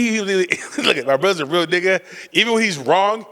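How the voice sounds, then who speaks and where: A man co-hosting a podcast, telling a story in casual chat and acting out the people he quotes with loud jumps in his voice. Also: sits high, animated, a little fast, long reverb tail. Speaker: podcast co-host.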